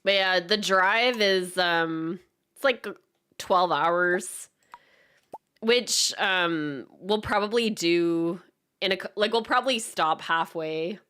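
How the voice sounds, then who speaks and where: A woman's voice: lowish voice, slow, sharp tone, clear, resonant tone. A woman from Canada chatting casually and laughing often while she streams a speedrun attempt. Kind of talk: casual live-stream chat while gaming.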